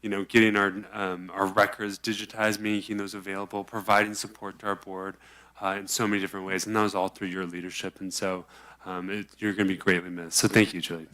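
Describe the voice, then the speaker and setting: A man's voice: sits low, level tone, fast, sharp tone. A man giving a heartfelt, emotional public-comment tribute in a county board meeting chamber. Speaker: county board office staffer.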